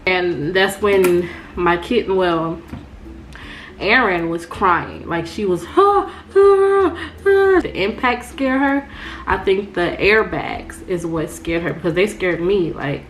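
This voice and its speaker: A young woman tells a story to her viewers in a storytime vlog. She talks slowly and with a lot of animation, and she keeps calling the audience y'all. A faint hiss sits under her voice. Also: on the low side. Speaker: vlogger.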